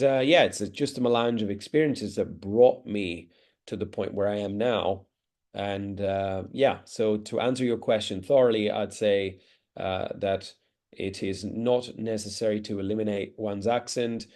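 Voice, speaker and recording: A man's voice: fairly low pitch, darkish tone. An Italian man speaking English with a British-leaning accent, giving a thoughtful, academic interview answer with frequent fillers. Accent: British-leaning English with traces of American and Australian. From Italy. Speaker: interview guest, pronunciation teacher.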